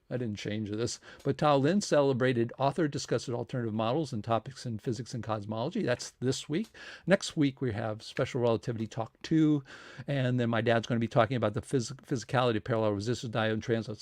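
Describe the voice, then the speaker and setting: A man's voice: mid-range voice, a little mellow, dry recording, studio quality. A man hosting a science talk series, giving a rambling spoken introduction and appeal for donations, full of fillers and restarts.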